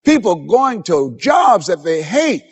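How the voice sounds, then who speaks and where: Emphatic male motivational speaker, lively pitch. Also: takes it slowly, husky, long reverb tail, dull audio. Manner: emphatic, preacher-like delivery that acts out quoted voices. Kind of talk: motivational seminar speech.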